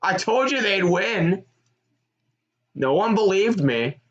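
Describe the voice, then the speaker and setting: A young man giving live reaction commentary on a college football game, excitable and shouting at big plays. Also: high voice, takes it slowly, muffled recording. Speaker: sports streamer.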